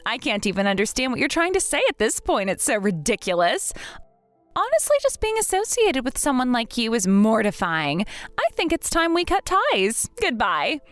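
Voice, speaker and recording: A woman's voice: on the high side, sing-song, normal speed, dry recording, soft background music. A woman voicing a snobbish, spoiled young bride in a text-message drama, with a sneering, condescending manner.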